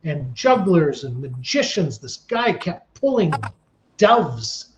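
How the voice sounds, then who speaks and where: A casting director in his sixties, telling animated stories in an interview and acting out the scenes he describes. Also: on the high side, slow pace. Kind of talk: storytelling in an interview. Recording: dull lo-fi sound.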